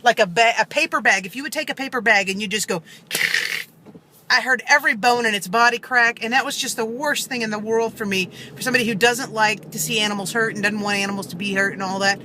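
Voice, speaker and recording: A woman's voice: on the high side, quick pace, noisy background. A woman vlogger earnestly telling a story to camera, rambling with many fillers and restarts, seated in a car.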